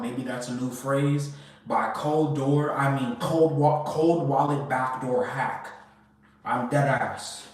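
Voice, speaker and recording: Medium in pitch and recorded from across an echoey room, this crypto commentator delivers a casual rant. He swears a lot, hammers his points emphatically and circles back over the same ground as he rambles.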